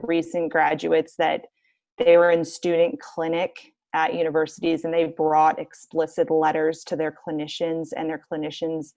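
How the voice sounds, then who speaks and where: A woman guest in a casual podcast conversation who speaks in a measured way. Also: sits low, a little mellow, no echo.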